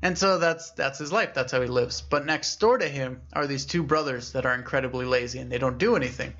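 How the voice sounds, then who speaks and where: A young man co-hosting a podcast, casually retelling a scary story and voicing its characters with lively shifts in pitch. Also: a little fast, muffled recording. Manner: animated storyteller, acts out characters with raised pitch. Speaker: podcast co-host.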